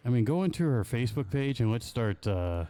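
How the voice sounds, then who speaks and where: A man's voice: mid-range voice, lively intonation, brisk, warm tone. A man co-hosting a casual live-streamed podcast on a headset mic, joking and grumbling about his gear. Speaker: podcast co-host.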